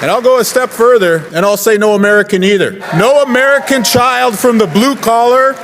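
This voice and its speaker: Forceful male politician in an echoing hall. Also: very high-pitched, brisk. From Canada. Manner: forceful, rhetorical. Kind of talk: political speech.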